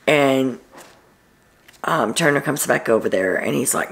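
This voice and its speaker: A woman's voice: a bass voice, expressive, a little slow, vocal fry. A woman hosting a casual reality TV recap, telling what happened in a chatty storytelling way and quoting people with "he's like.".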